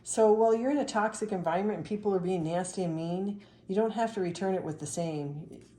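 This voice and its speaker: A woman's voice: medium pitch, a little fast, dark tone, echoey room. A middle-aged woman doing a chatty, upbeat spiritual card reading. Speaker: tarot and oracle card reader.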